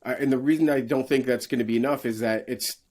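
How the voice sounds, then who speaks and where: A man, a guest in a conversational interview, speaks in a measured way with frequent restarts and fillers. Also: mid-range voice, steady tone, a little mellow.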